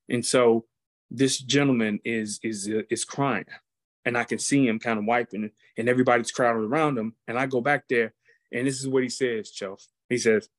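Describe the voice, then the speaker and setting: A football team chaplain shares a testimony story with animated, preacher-like energy, acting out the quotes as he goes. His voice sits at a medium pitch, and the recording has no echo.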